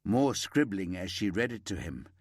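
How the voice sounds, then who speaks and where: A man narrating a crime thriller audiobook in an expressive storytelling manner. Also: deep voice, normal speed, husky, no echo, studio quality. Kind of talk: scripted narration.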